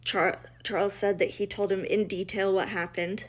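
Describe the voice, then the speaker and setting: A woman's voice: medium pitch, little pitch movement, normal speed. A middle-aged woman, a mother, telling her family's story in a blunt, emotional way, acting out the dialogue as she goes. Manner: emotional, blunt, quotes others in dialogue, many restarts. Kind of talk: personal storytelling.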